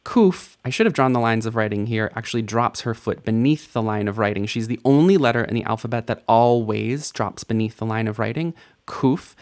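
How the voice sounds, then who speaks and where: A man teaching a Hebrew lesson, patiently sounding out letters and vowels one by one in a playful, lightly joking way. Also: medium pitch. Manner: patient, playful teacher, spells out sounds slowly and repeats words. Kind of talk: recorded language lesson.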